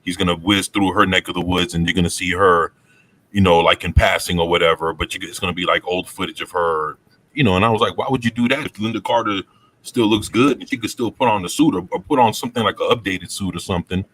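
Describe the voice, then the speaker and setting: A man's voice: sits low, fairly even intonation, quick pace, fairly bright tone. A man co-hosting a casual chat, rambling with lots of fillers and profanity. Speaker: co-host.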